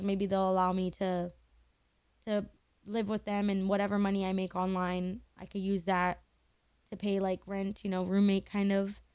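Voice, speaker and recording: A woman's voice: medium pitch, a little mellow, clear, resonant tone, dry recording. A young woman streamer in her twenties chatting candidly and emotionally with her viewers, swearing casually.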